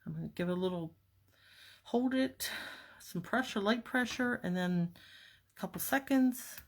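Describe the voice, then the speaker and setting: A woman calmly narrating a card-making tutorial step by step, talking herself through each task as she works at her craft table. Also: medium pitch, moderate pace. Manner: calm, step-by-step, talks to herself while working. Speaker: papercraft demonstrator.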